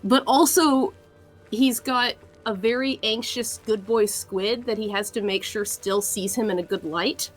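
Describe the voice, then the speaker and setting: A woman talking casually about her character with her tabletop group. She laughs as she speaks and makes quick asides. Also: on the high side, faint music behind. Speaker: tabletop game player. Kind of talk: casual chat during a game break.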